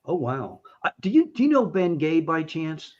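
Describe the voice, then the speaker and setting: An older man hosts a talk show in a chatty, meandering way. He often restarts his sentences and adds light jokes. His voice sits a little high, and the recording sounds dull and lo-fi. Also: sing-song, moderate pace, darkish tone. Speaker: show host. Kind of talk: casual talk-show hosting.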